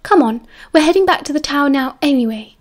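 A woman with a British accent voicing a bossy, exasperated teenage girl prefect who quizzes and scolds in a brisk, authoritative way. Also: sits high, expressive, voice pushed up.

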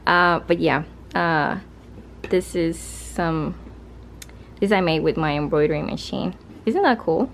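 A woman with a somewhat low speaking voice gives a relaxed, rambling tour of her home craft studio. She talks loosely and restarts her sentences. A faint ambient hum sits under her voice. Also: slow pace, gravelly, long pauses. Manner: chatty, loose, with fillers and restarts. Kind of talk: casual home tour narration.

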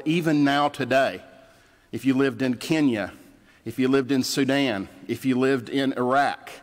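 Guy preaching, chatty storytelling, church reverb trailing behind him. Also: medium pitch. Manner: conversational storytelling, plainspoken. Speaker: pastor. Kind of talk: sermon. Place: church sanctuary. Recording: church livestream with long reverb.

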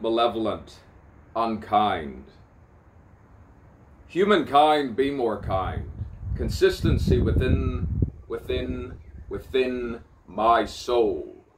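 A man's voice: medium pitch, far from the mic. A man rambling in an improvised spoken-word monologue, theatrical, swearing freely and repeating words over and over.

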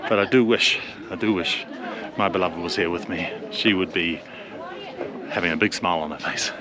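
A man's voice: sits low, moderate pace. Awed man vlogging outdoors among crowds. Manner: reflective, softly awed, musing. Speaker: tour leader and vlog host. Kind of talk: casual travel vlog narration. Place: outdoors in a high mountain town. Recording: outdoor street crowd behind.

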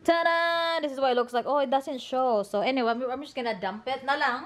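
A woman, chatting excitably and laughing often as a mother in a casual family vlog. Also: high voice, fast. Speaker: vlogger mom.

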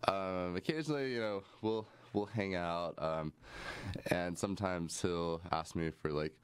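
A man's voice: low-pitched, unhurried, smooth, dry recording. A young college man co-hosting a campus show, telling a rambling story with dry humor. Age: young adult. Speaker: co-host. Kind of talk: casual chat.

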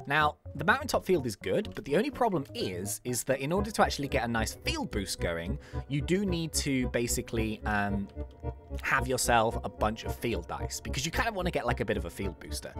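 A woman's voice: a bass voice, very animated, a little fast, over music. A woman giving casual commentary while playing a video game, rambling with many ums and likes. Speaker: gaming YouTuber.

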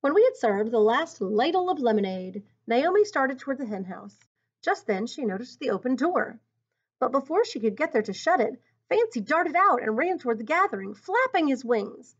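Expressive woman reading a picture book aloud. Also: high-pitched, moderate pace, slightly rough. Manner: expressive, teacherly, thinks aloud between passages. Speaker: storybook reader. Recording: dull lo-fi recording.

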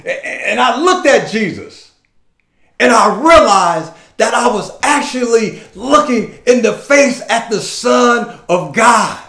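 High-voiced, impassioned preacher in an echoing church. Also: male voice, expressive, takes it slowly. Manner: impassioned, repeating and stammering, building to shouts. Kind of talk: first-person dramatic sermon monologue. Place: church sanctuary.

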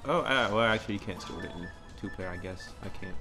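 A man's voice: sits low, fast. A young man guiding a friend through a video game in laid-back, slangy talk, laughing a lot. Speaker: let's play co-host. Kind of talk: casual gaming chat. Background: game music.

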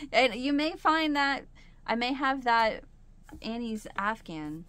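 A woman's voice: a little high, animated, slow, a bit bright, clean tone. Chatty woman rambling about crochet at home. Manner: chatty and rambling, laughs often. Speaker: crochet channel host. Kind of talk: casual chat. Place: home, sitting in a chair.

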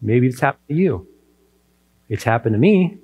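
Man, pastor, sermon, storytelling delivery, acts out quotes, mid pitch. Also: expressive, moderate pace, husky, highs cut off. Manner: storytelling preacher who acts out the characters' quotes.

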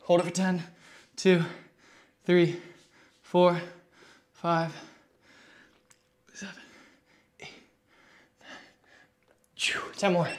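A man's voice: high-pitched, level tone, drawn-out words, pauses often. A young man livestreaming a home workout, talking to chat in hyped, casual bro slang while out of breath. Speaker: fitness streamer. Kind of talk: live workout stream chat.

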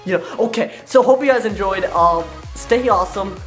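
A man's voice: high-pitched, normal speed, over music. Rambling, out-of-breath young guy. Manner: rambling, jokey, nervous, with slang like "yo" and "bro". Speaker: YouTube prank channel host. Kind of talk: casual vlog chat.

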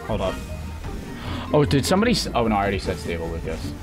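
A young man streaming a video game on a headset mic, frustrated and cursing, often breaking into angry shouts. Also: on the low side, very animated, fast talker. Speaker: gaming streamer. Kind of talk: live gameplay commentary. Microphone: gaming headset. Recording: game music playing behind the voice. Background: game music.

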